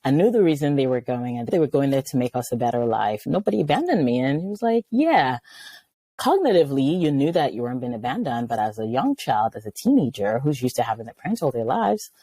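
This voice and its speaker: A middle-aged woman from Nigeria, a psychiatrist speaking as a guest in an interview, telling personal stories in a lively way and acting out the voices she quotes. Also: extremely low pitch, fast talker, breathy edge, no echo. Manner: animated, storytelling, acts out quoted voices. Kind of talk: conversational interview.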